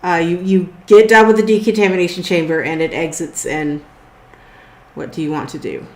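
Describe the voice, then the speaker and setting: A woman running a tabletop game as game master, describing scenes in a relaxed way with some fillers. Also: fairly low pitch, moderate pace, roomy sound.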